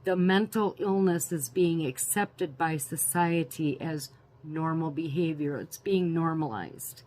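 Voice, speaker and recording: A woman's voice: sits low, a little slow, darkish tone. A middle-aged woman hosting a prepping channel, chatting casually in a ranting opinion vlog, laughing often and repeating words.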